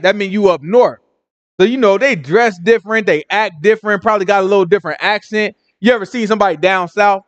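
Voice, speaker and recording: Man, Bible teacher, casual slangy lesson, acts out bystanders, high voice, dry close sound. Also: a bit bright, no echo. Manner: retells scripture in street slang, acts out the voices of onlookers; keeps checking in with listeners.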